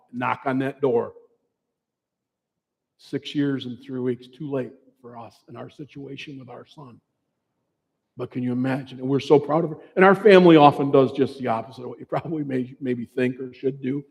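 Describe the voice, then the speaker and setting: This bereaved father, a man in his fifties, has a medium-pitched voice that's gravelly and a little mellow. His talk is an earnest, conversational personal testimony, given in a large presentation hall with long reverb in the recording.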